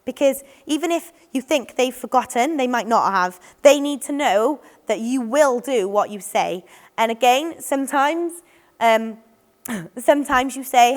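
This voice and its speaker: A woman's voice: high-pitched, lively intonation, normal speed. A woman giving an informal training talk, with many ums and restarts, acting out what children and adults might say. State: voice a bit off today. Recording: long hall reverb.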